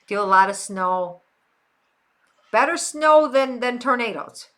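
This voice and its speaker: A woman's voice: on the high side, expressive, slow, fairly bright tone. An older woman from Western New York hosting a livestream, chatting casually with viewers and repeating phrases for emphasis. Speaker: livestream host. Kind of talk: casual chat answering viewers.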